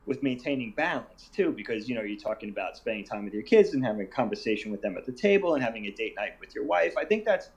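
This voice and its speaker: A man in his forties, a podcast guest, talking in an animated, enthusiastic casual chat. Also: mid-range voice, fast, few pauses, low-quality recording.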